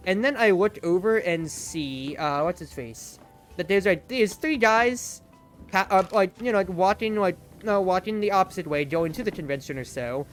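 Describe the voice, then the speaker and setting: A young adult streamer chatting casually on a desk microphone. The talk is loose and rambling, full of "like" fillers and restarts. Faint game music plays softly behind the voice. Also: mid-range voice. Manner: rambling storytelling, heavy use of "like". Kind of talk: casual stream chat while playing.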